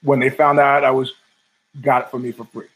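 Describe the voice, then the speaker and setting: A man's voice: medium pitch, flat delivery, fairly quick, fairly bright tone, rough recording. A man hosting his own show from home, ranting in a profane, sardonic and digressive way. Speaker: podcast host. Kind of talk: ranting solo commentary.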